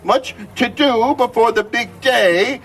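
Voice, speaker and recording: A man's voice: very high voice, takes it slowly, fairly bright tone, distant mic, slight background noise, exaggerated voice. A man playing a jolly old Christmas gift-bringer, telling holiday stories to a live crowd with theatrical exclamations and frequent chuckles. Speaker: costumed storyteller. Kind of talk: live character storytelling to a crowd.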